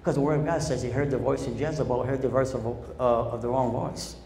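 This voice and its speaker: Preaching pastor in an echoey church. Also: male voice, medium pitch, steady tone, fairly quick, vocal fry, mellow, slight background noise. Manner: preachy call-and-response, asking the congregation to answer. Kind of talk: sermon. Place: church sanctuary.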